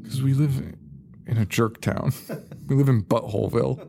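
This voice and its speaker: A man's voice: mid-range voice, moderate pace, creaky, warm tone, a little hiss or hum. A man co-hosting a horror movie podcast, chatting casually, rambling and swearing with frequent laughter. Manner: rambling, profane, laughs often. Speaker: podcast co-host. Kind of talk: casual film-review chat.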